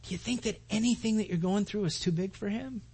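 A man delivers a sermon in a somewhat high, husky voice. He speaks earnestly, repeats key phrases, and swells to forceful, emphatic climaxes before dropping back to a gentler tone. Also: fairly quick. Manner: earnest preaching, repeats phrases and rises to loud emphatic peaks. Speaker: pastor.

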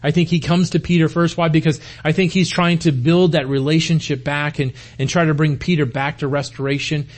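A man's voice: a little high, steady tone, a little fast, hardly any pauses. A man preaching a sermon in an earnest way, often repeating words as he starts a phrase. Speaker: pastor.

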